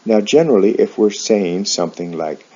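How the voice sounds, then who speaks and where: Deep-voiced male teacher, slow careful diction, husky, muffled lo-fi recording. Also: expressive, warm tone. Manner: slow, careful enunciation of example words. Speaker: English teacher. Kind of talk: slow explanatory pronunciation lesson. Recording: dull lo-fi sound.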